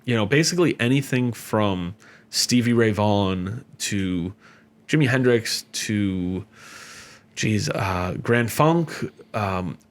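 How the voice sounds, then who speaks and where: A middle-aged man as a podcast guest, telling stories casually with lots of fillers and animated jumps in pitch whenever he quotes someone. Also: takes it slowly. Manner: animated, jumps up in pitch when quoting others; chatty with many fillers. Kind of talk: casual storytelling.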